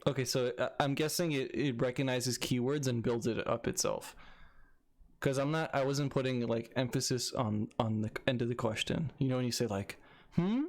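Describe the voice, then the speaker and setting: A young man chats casually about his coding project, thinking aloud and often restarting his sentences. His voice has a gravelly edge and sits at an ordinary pitch. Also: steady tone, moderate pace. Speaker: video creator.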